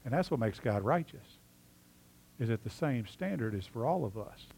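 Preacher telling a story. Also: male voice, mid-range voice, moderate pace, gravelly, a little hiss or hum. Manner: storytelling, swings from loud animated telling to quiet earnest asides. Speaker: pastor. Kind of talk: sermon.

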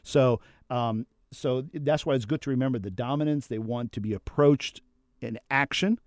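A man hosting a casual talk about personality types, acting out quoted lines in an animated way. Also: moderate pace, dry recording. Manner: animated, acts out quotes with sudden pitch jumps. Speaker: host.

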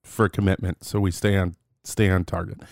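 A man's voice: low-pitched, little pitch movement, normal speed, gravelly, dry recording, clean studio sound. A young man co-hosting a podcast in a playful, rambling way, often restarting his sentences. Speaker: podcast co-host. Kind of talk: casual podcast chat.

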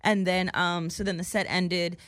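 A young woman casually telling a story in a profane, animated way, acting out other people's lines as she goes. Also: fairly low pitch, normal speed, dry recording, studio quality.

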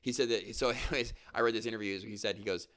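A man's voice: lowish voice, fairly even intonation, quick pace, a bit bright. A man co-hosting a sports podcast, rambling and joking crudely with many fillers. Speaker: podcast co-host. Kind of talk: casual sports chat.

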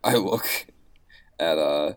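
A man's voice: extremely low pitch, expressive, takes it slowly. A man playing a frog character in a tabletop game, talking in a goofy, rambling way. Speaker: player.

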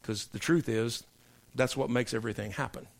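A middle-aged male pastor preaching a sermon to his congregation, emphatic and preacherly, dropping low for punchlines. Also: normal speed, gravelly. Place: church sanctuary.

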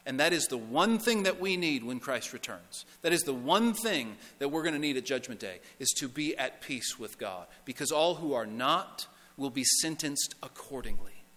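A man preaching a sermon as pastor, emphatic, repeating phrases and dropping to a hush on key words. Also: mid-range voice, lively intonation, normal speed, few pauses, big-room sound. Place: church sanctuary.

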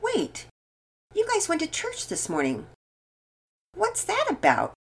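A woman's voice: sits high, sing-song, a little slow, breathy edge, voice pushed up, exaggerated voice. An older woman voicing a curious young girl who asks eager questions. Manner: bright, questioning.

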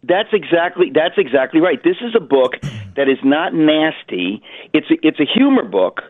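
A man being interviewed as an author, telling a story with animated voices over a phone line. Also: fairly high pitch, moderate pace, dry recording, soft background music. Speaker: author guest. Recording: tinny dry phone line.

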